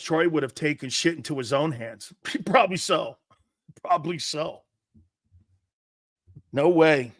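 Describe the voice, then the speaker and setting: A man's voice: fairly high pitch, fairly bright tone, no echo, studio quality. A man hosting a live sports talk show, reading viewer comments and ranting in a brash, profane, fired-up way.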